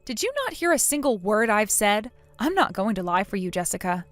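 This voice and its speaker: A woman's voice: medium pitch, big pitch swings, a little fast, no room sound, faint music behind, natural voice. Woman voicing a stern, scolding wronged woman. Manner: cold, scolding. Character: stern wronged young woman refusing forgiveness. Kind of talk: scripted drama voice acting.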